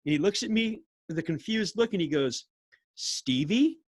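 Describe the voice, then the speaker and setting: An older man, a podcast guest telling stories in an animated way, laughing and acting out what people said. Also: sits high, fairly quick, no room sound. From California. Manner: animated storyteller, laughs often, acts out quotes. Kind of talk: casual storytelling interview.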